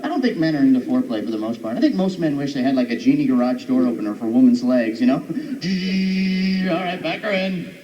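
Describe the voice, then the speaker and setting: A man doing a stand-up comedy set on stage, animated and jumping into high silly voices for his bits. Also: brisk. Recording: dull old recording from far off, noisy.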